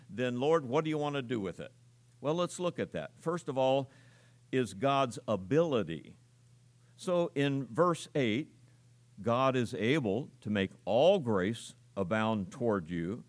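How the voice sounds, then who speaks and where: A middle-aged man preaching a sermon, explaining scripture in a teaching manner and leaning hard on repeated key words. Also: medium pitch.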